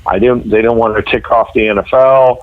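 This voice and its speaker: A man's voice: mid-range voice, fairly even intonation, a little fast, no echo, narrow, tinny audio. A young adult man from Northern California, a guest writer telling stories animatedly on a podcast, acting out the voices of people he quotes. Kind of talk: casual podcast chat.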